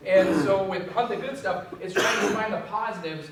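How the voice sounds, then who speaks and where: A young man telling a funny story to a group as a trainer, animated and self-mocking. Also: sits high, normal speed, very noisy. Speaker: resilience trainer. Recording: echoey room from far off.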